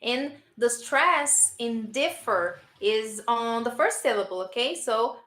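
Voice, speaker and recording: A woman from Brazil with a Brazilian Portuguese accent, teaching a live online English lesson and warmly praising her learners. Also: fairly high pitch, measured pace, few pauses, roomy sound. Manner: encouraging, praising learners often.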